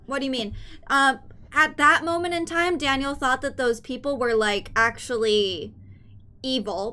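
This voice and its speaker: A young woman streaming a game live, chatting excitedly and teasing her viewers. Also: sits high.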